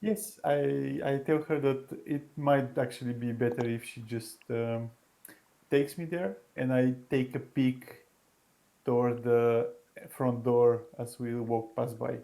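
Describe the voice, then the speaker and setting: A man's voice: medium pitch, fairly even intonation, slow, vocal fry, warm tone. A man playing a tabletop game who speaks casually, slipping in and out of character, and sounds mildly unsure. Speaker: player.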